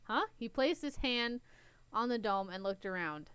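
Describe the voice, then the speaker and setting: A woman's voice: mid-range voice, animated, measured pace, a bit bright, smooth, no echo. A young woman co-hosting a show, casually reading a story aloud with playful asides and self-corrections.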